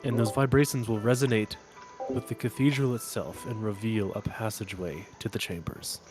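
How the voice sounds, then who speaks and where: A man as game master voicing a formal male former council member who advises the heroes in a measured, solemn way. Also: fairly low pitch, steady tone, over music, lightly acted. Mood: explaining.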